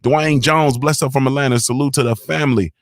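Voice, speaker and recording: A man hosting a casual morning livestream from his home, speaking in a laid-back, slangy way as he shouts out his viewers. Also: medium pitch, fairly even intonation, brisk, no echo. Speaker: morning show host.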